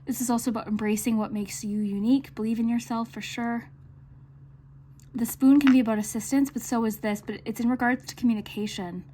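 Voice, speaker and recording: A woman with a somewhat high voice does a relaxed tarot reading directly to camera at a fairly quick clip. Her reassuring, conversational flow is dotted with small fillers, while a faint hiss sits under the audio.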